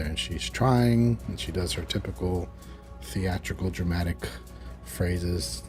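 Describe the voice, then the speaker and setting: Man, low voice, mellow tone, casual episode recap, chatty asides, faint background music. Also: normal speed. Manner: chatty, animated retelling with asides. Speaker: video reviewer.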